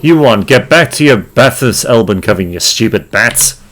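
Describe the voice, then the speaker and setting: A man's voice: lowish voice, animated, normal speed, a bit bright, a little hiss or hum. A man hosting a let's play, muttering wry, casual commentary and reading game text aloud.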